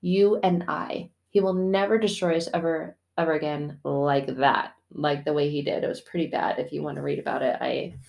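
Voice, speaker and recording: A woman's voice: low voice, steady tone, normal speed, creaky, hardly any pauses, a little mellow. A woman and mother hosting a casual faith talk, chatty and slangy, with some swearing. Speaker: faith podcast host.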